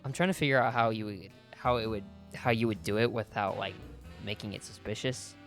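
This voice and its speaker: A young man co-hosting a podcast, laughing often and reacting with quick, amused remarks in casual chat. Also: on the low side, a bit bright, soft background music. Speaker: podcast co-host.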